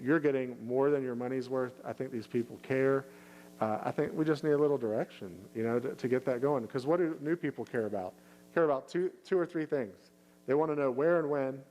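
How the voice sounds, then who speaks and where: A male pastor answering questions in a casual Q&A, speaking in a halting way with many restarts and fillers, and lifting his voice when he acts out friendly invitations. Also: medium pitch, a little mellow, a little hiss or hum, rough recording. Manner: acts out inviting lines in a lifted, upbeat voice.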